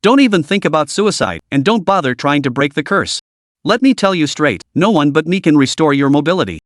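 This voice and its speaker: A man voicing a commanding male leader who interrogates with quiet menace. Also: on the high side, animated, a little fast, no echo, studio quality, natural voice. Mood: menacing.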